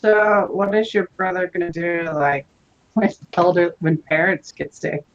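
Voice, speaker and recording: A woman's voice: fairly low pitch, unhurried. A woman in casual chat, blunt and joking, putting on little voices. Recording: dull, lo-fi sound.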